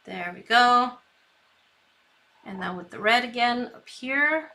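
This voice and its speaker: A woman with a slightly high, sharp voice and lively intonation speaks slowly while hosting a live painting stream. She chats to herself and her viewers, reads their comments aloud, and giggles often as she works through the tutorial.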